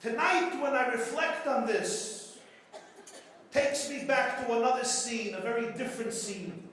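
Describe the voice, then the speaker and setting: High-voiced man speaking in an echoey hall. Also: measured pace, fairly bright tone. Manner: storytelling with jokes and dramatic repetition. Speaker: rabbi giving a keynote speech. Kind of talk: after-dinner keynote speech. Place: large banquet hall. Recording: very echoey hall with faint room noise.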